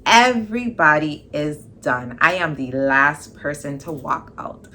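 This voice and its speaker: Brief: young woman vlogger, low unhurried voice, animated storyteller. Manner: animated storytelling, acts out quoted dialogue. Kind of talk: casual storytime.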